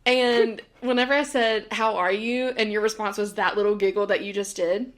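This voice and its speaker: A young woman co-hosting a podcast in casual chat, animated and laughing often, acting out what she and others said. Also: medium pitch, normal speed. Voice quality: animated, laughs often, quotes herself in voices. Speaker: podcast co-host.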